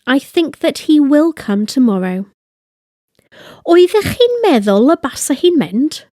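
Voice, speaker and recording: A woman narrating a scripted language lesson, speaking slowly and carefully with deliberate enunciation. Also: sits high, big pitch swings, warm tone, no echo, clean studio sound. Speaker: language teacher.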